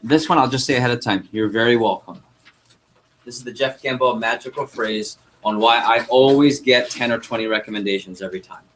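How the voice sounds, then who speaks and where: A young man running a sales training workshop, coaching a group and acting out customer dialogue in an energetic way. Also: medium pitch, fairly quick, slight background noise, poor audio. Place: meeting room with group.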